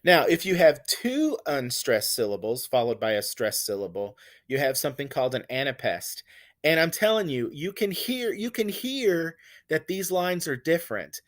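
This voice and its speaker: A man teaching poetic meter, explaining step by step with fillers and self-corrections, and reading verse lines slowly with heavy stress on the beats. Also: fairly high pitch, sing-song, fairly bright tone. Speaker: poetry teacher. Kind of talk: classroom lecture on poetic meter.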